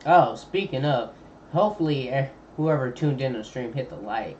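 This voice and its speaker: Un homme qui commente une vidéo en direct, avec un ton décontracté et un argot détendu. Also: male voice, medium pitch, lively intonation, normal speed, darkish tone, slight background noise. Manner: laid-back slangy chatter, thinking aloud. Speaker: streamer. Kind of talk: casual live-stream reaction commentary. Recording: dull lo-fi mic with faint ambience.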